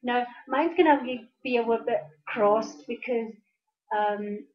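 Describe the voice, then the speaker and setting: A Scottish woman chatting to her webcam in an unhurried, easygoing way, her voice sitting a little high and her words broken up by ums. The audio is dull and lo-fi, like a cheap built-in mic. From Scotland. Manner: slow, chatty, hesitant with frequent ums. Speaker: vlogger. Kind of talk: casual vlog talk to camera.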